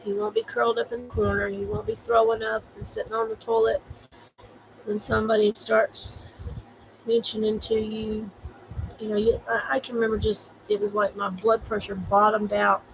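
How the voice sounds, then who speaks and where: A woman's voice: a little high, fairly even intonation, normal speed, creaky. A middle-aged woman from Florida, earnestly talking about grief and encouraging viewers on a casual livestream. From Florida, USA. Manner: earnest, rambling, preachy encouragement. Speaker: vlogger sharing grief. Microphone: borrowed camera, livestream. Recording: slightly dull livestream audio with faint noise.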